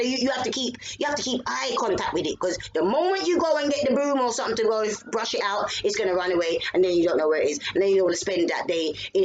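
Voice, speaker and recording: Lively British woman telling a story. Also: a little high, rough recording. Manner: lively, swearing, bursts into shouts. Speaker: vlogger. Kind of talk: animated personal storytelling.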